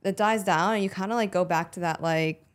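A woman's voice: lowish voice, fairly quick. A woman in her twenties hosting a podcast, chatty, casual and swearing freely. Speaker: podcast host. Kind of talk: casual chat.

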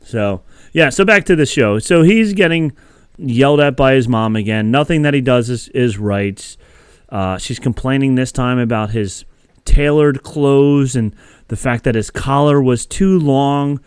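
Rambly podcast host guy, chatty, smooth clean voice, dry close mic. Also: mid-range voice, measured pace, no echo. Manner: rambling, chatty, laughs often. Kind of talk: casual podcast chat.

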